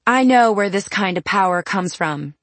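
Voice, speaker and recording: A woman's voice: medium pitch, animated, moderate pace, no room sound, natural voice. Woman voicing a shy, earnest young man. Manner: plainspoken, shy.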